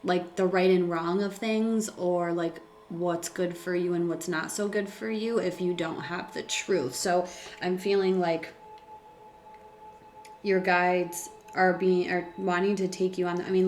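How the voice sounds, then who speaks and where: Female tarot reader, casual and emotive, lower pitch, roomy home recording. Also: slight background noise. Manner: chatty, filler-heavy, emotional and laughing. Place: room at home by a window.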